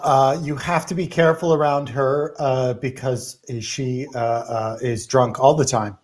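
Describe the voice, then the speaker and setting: Low, slow woman comic, hesitant, self-mocking. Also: steady tone, darkish tone. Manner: halting, hesitant, dry self-mockery. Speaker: comedy panelist. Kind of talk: casual comedy chat.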